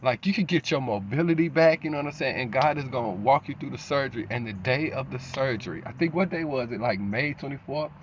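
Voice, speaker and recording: A man's voice: mid-range voice, fast, few pauses, slight background noise. A man telling an emotional personal story in a rambling way, with frequent restarts and slang. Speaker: vlogger. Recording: slightly dull lo-fi recording.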